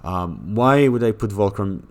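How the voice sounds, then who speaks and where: A man with a very low voice runs through a video game ranking in a loose, offhand way. He is blunt and jokey, and he trips over his words with fillers and restarts as he goes. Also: expressive, unhurried, darkish tone. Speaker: gaming commentator. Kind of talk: casual game tier-list commentary.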